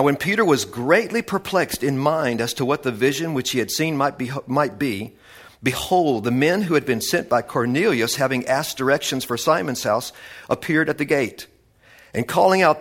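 A man's voice: medium pitch, fairly bright tone. A man teaching a casual Bible study, reading verses and adding chatty, enthusiastic asides.

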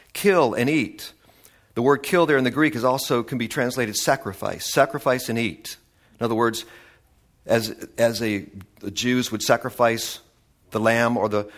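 A man teaching a casual Bible study, reading verses and adding chatty, enthusiastic asides. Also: mid-range voice.

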